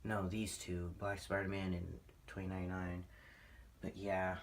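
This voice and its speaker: An excitable man rambles through a casual vlog about his collectible figures. His voice sits somewhat low, and he jumps between regret and enthusiasm in a loose, self-mocking way. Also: moderate pace, a little hiss or hum. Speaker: toy collector vlogger.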